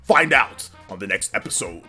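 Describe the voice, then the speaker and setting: A man putting on the voice of a dramatic male TV anime episode announcer, slow and booming. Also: very animated, bright, forceful tone, faint music behind, exaggerated voice. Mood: announcing.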